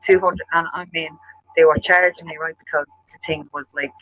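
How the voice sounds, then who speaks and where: A man hosting a chat show, telling a rambling, profane story in an animated way. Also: fairly high pitch, moderate pace, poor audio. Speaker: show host.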